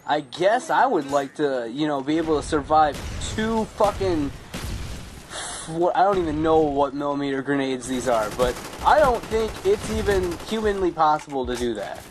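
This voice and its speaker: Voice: medium pitch, expressive, moderate pace, noisy background. Profane ranting young gamer. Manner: profane, ranting, frequent outbursts. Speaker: gamer commentating own play. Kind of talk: gameplay commentary. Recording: game gunfire faint behind.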